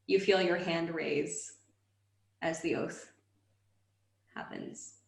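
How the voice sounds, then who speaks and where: A woman narrating a tabletop game as game master, slow and halting with many fillers. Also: fairly low pitch, steady tone, vocal fry, reverberant, rough recording.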